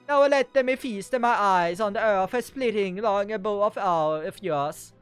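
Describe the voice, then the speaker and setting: A haughty pharaoh king from a game , put on by a streamer, speaking in a grand, self-important declaiming voice. Quiet game music plays behind him. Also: mid-range voice, unhurried, clear, resonant tone, close to an everyday voice. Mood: imperious. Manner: pompous, declaiming. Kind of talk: reading game dialogue aloud on stream.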